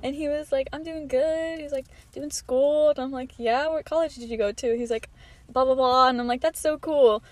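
Fast-talking young woman telling a story. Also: high-pitched, steady tone. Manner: storytelling, quoting others with many "like"s. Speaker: podcast co-host. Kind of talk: casual chat.

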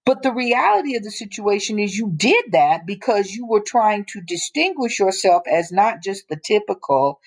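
A woman co-hosting a casual opinion chat, talking bluntly and emphatically and slowing down to press her points. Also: medium pitch, sing-song, breathy edge. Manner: emphatic, blunt, drops into slow deliberate points. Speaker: co-host.

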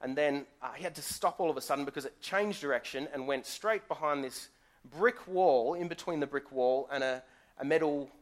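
A man's voice: a little high, normal speed. Guest pastor, male, chatty live church sermon full of rhetorical questions. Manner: conversational storytelling with rhetorical questions.

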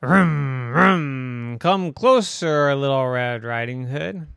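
A man voicing a tired old grandma car in a bedtime story, rumbling and coaxing. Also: slow, gravelly, a bit bright, clear, resonant tone, dry recording, studio quality.

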